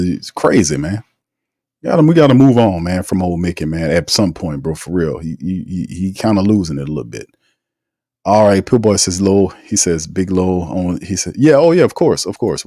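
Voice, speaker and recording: A man's voice: low voice, darkish tone, no room sound, clean studio sound. A man hosts a casual live sports talk show, rambling and opinionated and full of slang.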